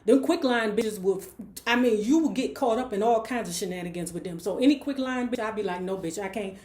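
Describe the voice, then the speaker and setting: A woman's voice: fairly high pitch, brisk, darkish tone. A woman in her forties, hosting a book club, retells a novel in casual talk with sassy, blunt, profane asides. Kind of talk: casual story recap. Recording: roomy echo.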